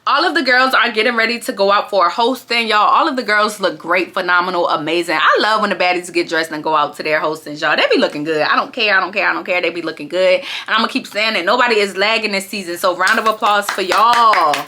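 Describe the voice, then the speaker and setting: A woman giving a casual, gossipy recap of a reality show, talking in an animated, slangy way. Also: medium pitch, fast talker, few pauses.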